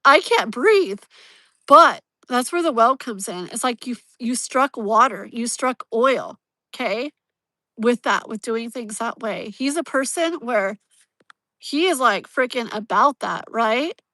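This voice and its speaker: A woman's voice: on the high side, lively intonation, slow pace, sharp tone, no echo, low-quality recording. A woman giving a live-stream tarot reading in a chatty, rambling way, her nose blocked so she can't breathe through it. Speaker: tarot reader.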